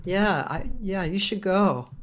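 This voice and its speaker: A woman's voice: medium pitch, slow, a little hiss or hum. A middle-aged woman hosting a casual chat, talking in an enthusiastic, rambling way. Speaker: host.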